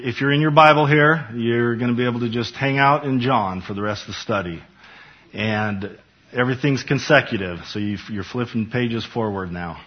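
A man's voice: mid-range voice, lo-fi sound. A man preaching a Bible study, building emphasis as he reads scripture aloud. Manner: emphatic, rising for scripture quotes. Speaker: pastor.

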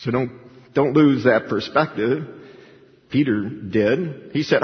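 Man, pastor; lively sermon delivery that acts out quoted voices; long hall reverb, muffled lo-fi sound. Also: medium pitch, unhurried. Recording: dull lo-fi recording with hall reverb.

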